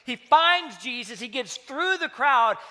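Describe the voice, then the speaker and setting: A male pastor with a strikingly high, bright voice preaching a sermon. He talks conversationally, telling stories and acting out their dialogue. His tone rings out sharp and clear. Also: lively intonation, a little slow. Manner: conversational, storytelling with acted dialogue.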